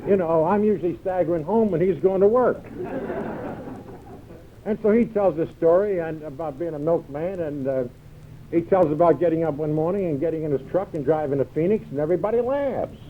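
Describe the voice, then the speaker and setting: A man's voice: a little high, a little fast, slight background noise. An older American man speaking at a recovery meeting, telling a wry, self-mocking story and acting out the dialogue. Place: large hall with live audience. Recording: dull lo-fi 1978 tape recording.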